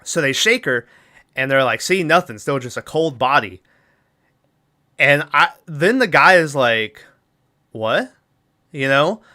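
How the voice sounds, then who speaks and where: A man's voice: fairly high pitch, expressive, unhurried, sharp tone. A man hosting a podcast, casually retelling a movie's plot and acting out the characters' lines with laughs. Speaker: podcast host.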